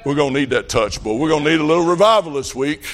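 A middle-aged man preaching a revival sermon, telling folksy stories in a plain country way and rising to loud shouted passages. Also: a little high, fast talker.

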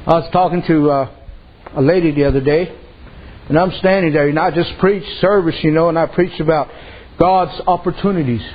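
High-voiced folksy preacher man. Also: steady tone, fairly quick, highs cut off. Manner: folksy storytelling with frequent amens. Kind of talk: sermon.

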